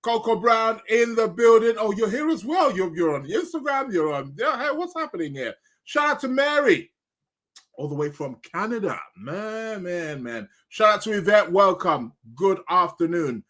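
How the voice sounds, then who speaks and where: A man's voice: high-pitched, very animated, normal speed, sharp tone. Chatty man hosting a live stream. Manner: rambling, chatty, greets viewers by name; talks while munching snacks. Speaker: astrology podcast host. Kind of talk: casual live-stream chat.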